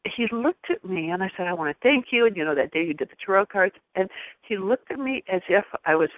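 A woman guest telling a personal story in an animated way, laughing often and restarting her sentences. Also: mid-range voice, fast, no echo. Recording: phone-like lo-fi line.

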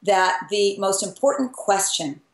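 An earnest woman speaks in a measured, reflective way. She sounds off mic, in a roomy space with echo around her voice. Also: medium pitch, expressive, distant mic. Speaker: guest, interviewer of many people. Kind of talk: reflective conversation.

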